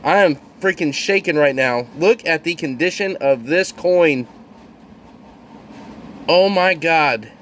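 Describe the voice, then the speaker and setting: A man's voice: fairly high pitch, expressive, slow pace, long pauses, a bit bright, a little hiss or hum. Thrilled man narrating coin finds. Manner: thrilled, exclamatory, addresses viewers as y'all. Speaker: coin roll hunter. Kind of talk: excited hobby video narration.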